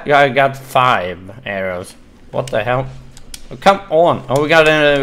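Man, let's-play commentary, excitable, swearing, lively pitch, unhurried. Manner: excitable, swearing, exclaiming and laughing while playing. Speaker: gaming video host.

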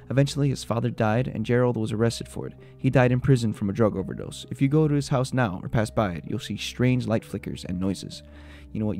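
A man's voice: medium pitch, gravelly. A man hosting a video that retells urban legends, jumping between spooky storytelling and joking reactions. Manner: quick, mixes spooky retelling with joking asides. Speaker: video host. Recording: soft music behind the voice.

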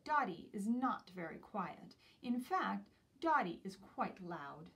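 A woman teacher reading a picture book aloud to young children in an expressive storytelling voice. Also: medium pitch, takes it slowly, gravelly, distant mic. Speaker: preschool teacher.

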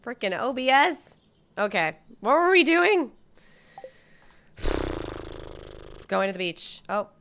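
A young woman chats through a gameplay livestream, bubbly and talkative with her viewers. Her voice is bright and lively. She sounds close to a desk mic at home. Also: on the high side, slow, long pauses, slight background noise. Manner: chatty, bubbly, talks to viewers. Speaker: streamer.

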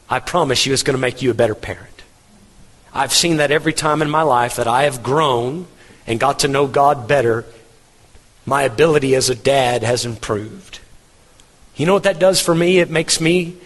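Middle-aged pastor, earnest and emphatic sermon delivery, mid-pitched, long hall echo. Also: male voice, fairly bright tone. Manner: earnest, emphatic preaching with repetition. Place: church hall.

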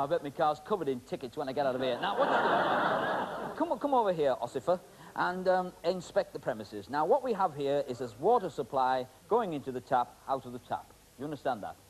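A man's voice: fairly high pitch, very animated, a little fast. A middle-aged man doing comic stage patter with volunteers as a magician host, chatty and teasing with many fillers. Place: TV studio stage with live audience. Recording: hissy 1980s TV broadcast.

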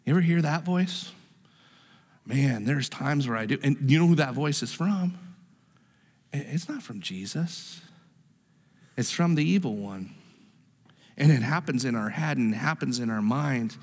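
Pastor preaching in a reverberant hall. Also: male voice, medium pitch, measured pace, pauses often. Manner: animated, repeats words, acts out quoted voices. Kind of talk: sermon. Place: church sanctuary.

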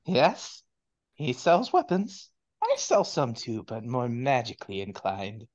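A man's voice: mid-range voice, huge pitch swings, full character voice. A man doing a courteous magic shopkeeper. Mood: polite. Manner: courteous, measured, a bit formal. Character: polite male magic shopkeeper, formal. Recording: dull lo-fi, dry.

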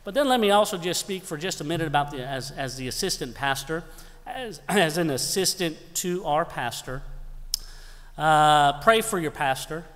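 A man's voice: fairly high pitch, lively intonation, moderate pace, a bit bright. A man, youth pastor and assistant pastor, telling a folksy joking story and giving church announcements from the pulpit. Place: church sanctuary. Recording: long church hall reverb.

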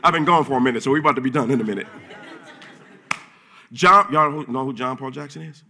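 A man preaching a sermon in church, casual and full of slang, swinging from low murmurs to loud shouting. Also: a little fast. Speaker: pastor.

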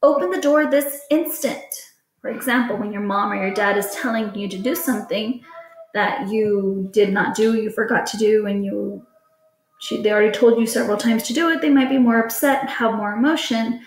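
A woman's voice: medium pitch, steady tone, a little fast, a little hiss or hum. A woman teacher patiently explaining a lesson to children in a recorded class video. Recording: echoey room.

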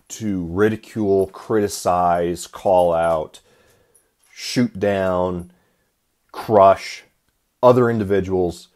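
A man with a low voice hosts a solo podcast monologue. He talks in an earnest, sermon-like way and often restarts his phrases. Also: a little mellow. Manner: earnest, preachy, repeats and restarts words. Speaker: podcast host.

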